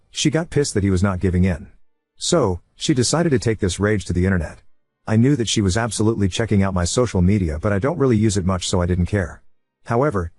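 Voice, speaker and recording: A man narrating a first-person story in a measured, even reading style. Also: fairly low pitch, no room sound. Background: faint background music.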